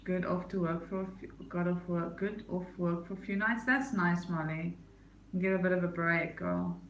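Her voice is fairly low and steady at a normal pace as she casually streams, reading chat aloud and teasing viewers with frequent laughter. She has a non-American accent and a headache, and the rough recording is reverberant with slight hiss or hum.

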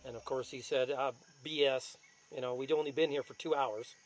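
A man's voice: mid-range voice, steady tone, moderate pace, a little hiss or hum. A man casually telling the story of his rattlesnake bite in an interview, rambling with many fillers. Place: outdoors in the desert.

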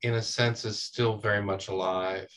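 A man from the United States, hosting an interview and asking measured, thoughtful questions. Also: fairly low pitch, fairly even intonation, a bit bright. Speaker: interviewer, host.

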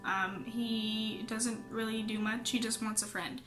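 A young woman speaks slowly and haltingly to camera from her home office, filling pauses with ums. She sounds close to tears and keeps apologizing. Her voice sits a little high, with faint music playing underneath. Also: level tone, a bit bright. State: holding back tears. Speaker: vlogger. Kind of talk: casual talk to camera.

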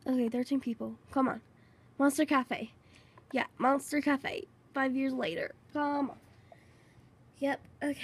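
A woman giving casual gameplay commentary, excitable and rambling, repeating herself a lot. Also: high voice, moderate pace, no echo. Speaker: gaming channel host.

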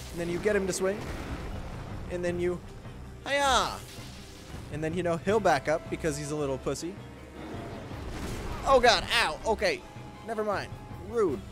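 A young man streaming a game, chatting with viewers in a relaxed, joking way and breaking into loud yelps and laughs. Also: a little high. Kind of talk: gameplay commentary.

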